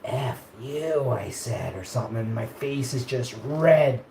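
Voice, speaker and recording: Streamer man, casual rambling storyteller, mellow tone, laughs a lot, roomy echo with faint background noise. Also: medium pitch, lively intonation, moderate pace, creaky. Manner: rambling, laughs often, quotes people in raised voice. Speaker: live streamer. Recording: echoey room with faint ambient noise.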